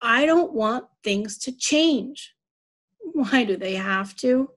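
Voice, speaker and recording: A sulky ten-year-old boy in a read-aloud children's story, as a woman reader plays him. He mumbles slowly in a raised, higher voice, drawn out and grumpy. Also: expressive.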